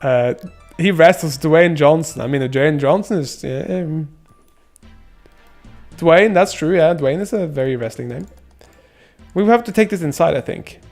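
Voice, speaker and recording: A man's voice: a little high, lively intonation, a little slow, pauses often, darkish tone. A young man doing casual gameplay commentary, rambling and joking as he reads chat. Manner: joking, rambling, laughs often, silly sound effects. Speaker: streamer. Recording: faint music behind.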